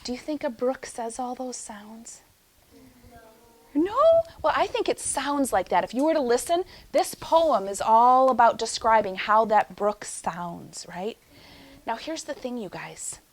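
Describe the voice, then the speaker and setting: A young adult woman teaching a phonics lesson to young children in an animated, sing-song teacher voice. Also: on the high side. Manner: animated, sing-song teacher voice, slows for chanted poem lines.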